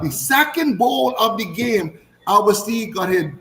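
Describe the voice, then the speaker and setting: A man who used to play cricket, telling animated stories in casual chat and repeating phrases for emphasis. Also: high voice, moderate pace, echoey room, a little hiss or hum, poor audio. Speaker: former cricketer.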